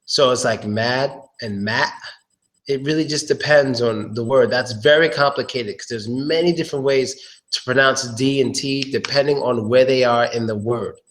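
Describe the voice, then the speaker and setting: Guy doing a chill live pronunciation lesson, says each word slow a few times, normal pitch. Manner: relaxed, thinking aloud, repeats words slowly. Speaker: pronunciation teacher.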